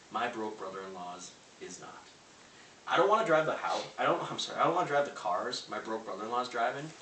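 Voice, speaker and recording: This young network marketing presenter has a lowish voice and a bright, forceful tone. Before a live audience in a big room of a house, he fires off punchy rhetorical questions in a brash, motivational sales talk. Faint hiss runs through the distant, roomy recording.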